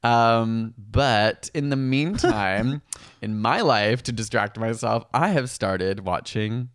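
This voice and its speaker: A man's voice: mid-range voice, takes it slowly, no room sound, clean studio sound. A Canadian man co-hosting a podcast in casual chat, talking loosely with many fillers and frequent laughs. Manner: chatty, laughs often, trails off in filler words. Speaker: podcast co-host.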